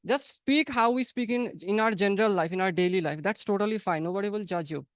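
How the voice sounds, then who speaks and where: Young Bangladeshi male host, high voice, dry close sound, encouraging and playful on a video call. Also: fast, dry recording. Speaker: English conversation practice host. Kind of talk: casual online class talk. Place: home, online webinar.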